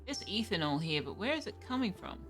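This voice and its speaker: A young woman streaming a game, chatting casually and thinking aloud, reacting with quick surprise to what happens. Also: medium pitch, big pitch swings, soft background music. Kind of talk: casual live gameplay commentary.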